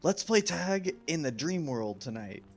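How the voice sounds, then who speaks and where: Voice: medium pitch, big pitch swings, unhurried, soft background music. A streamer voicing a grumpy, cautious third-grade kid, reading game lines aloud in a whiny, complaining way.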